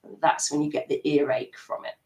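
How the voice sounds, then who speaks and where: A woman EFT practitioner gently guiding listeners through tapping steps in a live coaching talk. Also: deep voice, level tone, brisk. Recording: echoey room, distant mic.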